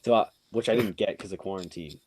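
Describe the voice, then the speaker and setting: A young man casually telling a funny story on a podcast, acting out quotes and using lots of fillers. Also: fast. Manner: animated, acts out quotes with rising pitch, filler-heavy "like".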